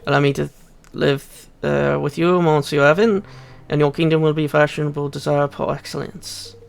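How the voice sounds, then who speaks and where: Man doing a flamboyant fashion dandy, mock French flair, theatrical, gravelly. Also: a little high, flat delivery, normal speed, soft background music.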